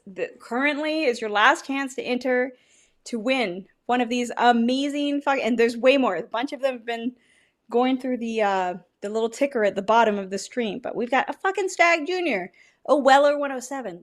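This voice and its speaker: Woman hosting a livestream tasting, slightly high voice, chatty, swears freely. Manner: chatty, swears, dramatic groans when tasting. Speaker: livestream host. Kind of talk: casual livestream whiskey tasting.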